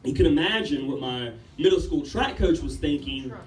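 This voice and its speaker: A man's voice: on the high side, expressive, normal speed. A young man from Ethiopia doing a rambling, laid-back stand-up comedy set with lots of swearing. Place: open-mic comedy room. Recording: roomy, distant room mic with faint background noise.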